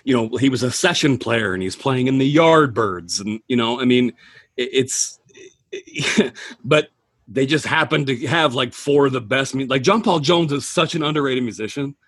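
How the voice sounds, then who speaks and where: Husky man telling rambling music stories. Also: mid-range voice, moderate pace, no echo, clean studio sound. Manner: rambling, animated storyteller. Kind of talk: casual chat about music.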